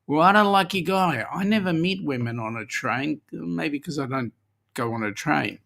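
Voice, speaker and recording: A man's voice: a little high, expressive, normal speed, gravelly, fairly bright tone. A middle-aged Australian man hosting a casual live-stream chat, joking and reading viewers' comments aloud. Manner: chatty, jokey, reads comments aloud.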